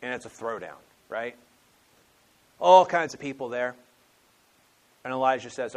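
A man's voice: medium pitch, lively intonation, unhurried, long pauses, darkish tone. Conversational man preaching a sermon. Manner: conversational storytelling, acts out quotes, frequent restarts. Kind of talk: expository sermon.

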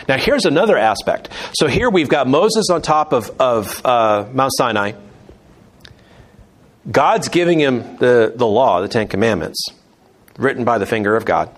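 A man leading a conversational Bible teaching, chatty, with joking asides and restarts. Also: mid-range voice.

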